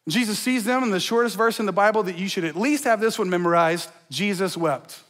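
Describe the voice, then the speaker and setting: High-voiced energetic pastor, jokey preaching in a church, with a long hall echo. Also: male voice, fairly quick. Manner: energetic and joking, talks to the crowd in slang. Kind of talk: sermon. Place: church sanctuary.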